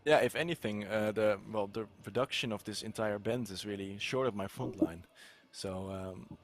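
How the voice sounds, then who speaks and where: A man with a low-ish voice gives casual commentary on the strategy game he's playing. He explains his moves step by step and fills the gaps with plenty of uhs. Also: normal speed.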